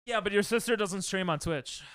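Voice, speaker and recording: A young adult Twitch streamer chats casually with viewers while playing, reacting to chat and laughing often. The voice is medium-pitched, a bit bright, clear, and resonant, with no room sound.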